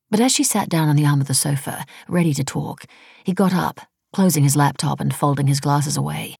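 A woman reading a story aloud in measured, dryly ironic audiobook narration on a close mic. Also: low-pitched, vocal fry, darkish tone, breathy edge, dry recording.

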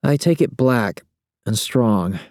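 Guy doing a grumpy sleepy young woman, higher pitch, a bit distant from the mic. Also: animated, slow pace, darkish tone, no echo, clean studio sound. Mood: groggy.

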